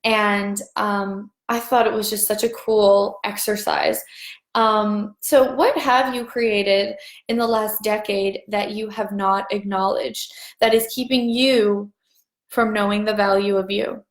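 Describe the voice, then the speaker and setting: A woman's voice: medium pitch, fairly even intonation. Bubbly woman leading a livestream, roomy echo. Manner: bubbly and chatty, slows down for repeated clearing lines. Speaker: Access Consciousness facilitator. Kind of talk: livestream chat with chanted clearing statements. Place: home livestream set-up.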